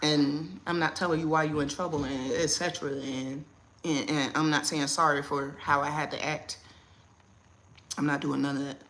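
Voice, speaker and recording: Woman, AAVE speaker, livestream host; bright, slightly low voice; chatty and quick to laugh. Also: little pitch movement, slight background noise. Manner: chatty, laughs often, reads viewer comments. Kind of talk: casual live chat with viewers. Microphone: phone or webcam on a livestream.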